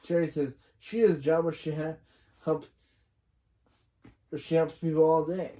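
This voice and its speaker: A reaction reviewer with a medium-pitched, mellow, fairly even voice casually recaps a TV episode scene by scene at a moderate pace. They retell scenes line by line, often restarting to correct themselves and adding personal opinions along the way.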